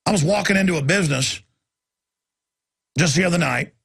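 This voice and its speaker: A man hosting a talk radio show, delivering an impassioned rant that swings from low muttering to shouting. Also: brisk, vocal fry, slightly rough.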